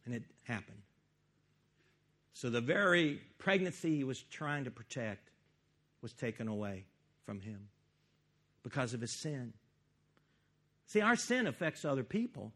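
Animated storytelling preacher, man. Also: mid-range voice, measured pace, long pauses. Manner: animated storyteller, swings from loud to hushed. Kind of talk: sermon, retelling a Bible story.

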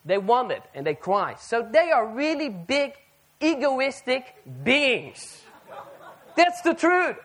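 A man preaching a sermon to a live audience, animated and firing rhetorical questions at the listeners. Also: very high-pitched, slow.

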